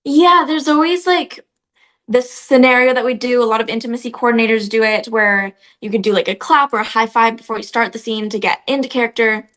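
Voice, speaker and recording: A young actress chatting as an interview guest, telling stories with frequent filler words. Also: female voice, a little high, a bit bright. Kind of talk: casual interview chat.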